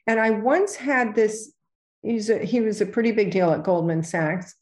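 A middle-aged woman and real estate agent chatting casually on a podcast, telling stories lively and acting out the voices of people she quotes. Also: medium pitch, moderate pace. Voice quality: animated storyteller who acts out quoted voices.

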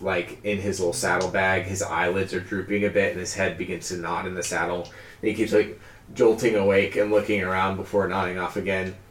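A man's voice: sits low, recorded from a distance. A man narrating a tabletop game as game master, in a loose, hesitant way full of fillers. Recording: echoey room, off-mic, faint hiss.

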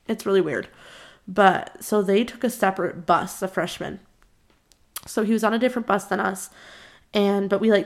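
A woman's voice: mid-range voice, creaky. A young woman casually telling a story to her viewers, chatty, laughing often and acting out the people she quotes. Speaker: vlogger.

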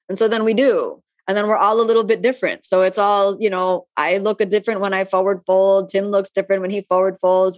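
A woman yoga teacher fields viewer questions during a live online session. Her mid-range voice sounds relaxed and chatty, and she drifts into many asides.

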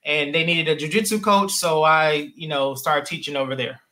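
Bright-voiced easygoing podcast host man. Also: on the high side, fairly even intonation, moderate pace. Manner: easygoing, short agreeing replies. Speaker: podcast host, jiu-jitsu coach. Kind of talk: casual interview chat.

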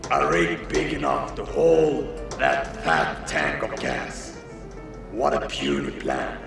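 An actor playing a menacing male wasteland warlord, a gravelly, booming voice in a film clip with music behind. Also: sing-song, takes it slowly, very echoey, far from the mic, heavily acted.

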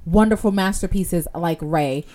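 A woman's voice: on the low side, normal speed, dark tone. A woman co-hosting a podcast in casual chat. She is teasing and talks over the others. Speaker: podcast co-host.

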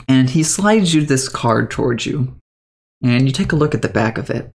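A man's voice: medium pitch, animated, moderate pace, gravelly. A man narrating a tabletop game as game master, in a loose, second-person storytelling way with casual fillers.

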